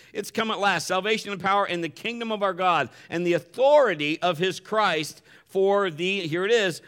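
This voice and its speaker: A man's voice: high-pitched, fairly bright tone, clean tone. A pastor preaching a sermon in a conversational way, acting out the voices he quotes.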